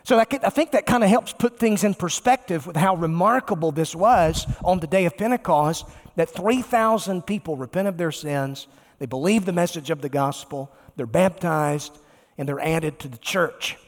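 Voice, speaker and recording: A pastor, a man, preaching a sermon emphatically and slowing down to stress key words. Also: a little high. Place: large church sanctuary. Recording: long reverb of a large church.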